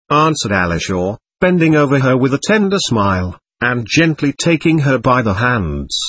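Guy reading a novel out loud, husky voice, very lively pitch, dry close sound. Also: moderate pace, no echo. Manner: dramatic, expressive reading. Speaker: audiobook narrator. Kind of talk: expressive literary narration.

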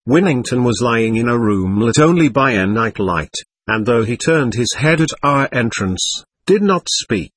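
A man narrating an audiobook in the first person, with expressive storytelling delivery into a close mic. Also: mid-range voice, unhurried, slightly rough, no echo.

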